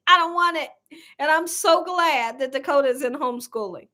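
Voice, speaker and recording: Bright and pushed, her high-pitched voice moves at a moderate pace. She hosts a laid-back cooking livestream, chatting and laughing a lot as she reads out viewers' comments.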